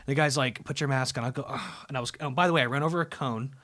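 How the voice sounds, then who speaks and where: A man hosting a podcast, telling a story in a casual, animated way, swearing and acting out what people said. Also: mid-range voice, racing. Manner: animated, swears, acts out quotes. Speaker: podcast host. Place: live podcast venue.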